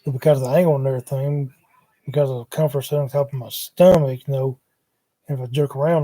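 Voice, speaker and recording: A man's voice: medium pitch, mellow, dry recording. Drawling man on a livestream. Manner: drawling, wandering, muttering asides. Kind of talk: rambling casual livestream chat. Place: at home, sprawled on a couch. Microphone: laptop microphone.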